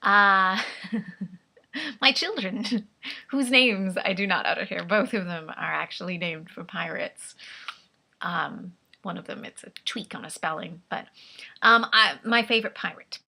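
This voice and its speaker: A woman's voice: medium pitch, unhurried, gravelly, bright, forceful tone. A woman vlogging in a rambling, chatty way, often laughing at herself, with a vaguely British put-on accent. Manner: rambling, chatty, self-amused with frequent laughs. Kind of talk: casual chat.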